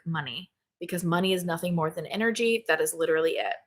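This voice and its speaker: A woman's voice: fairly low pitch, fast talker, few pauses. Bubbly woman hosting a live stream. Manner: bubbly, exclamatory, laughs often and swears casually. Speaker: spirituality livestream host. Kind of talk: casual live-stream chat reading viewer comments. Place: home office.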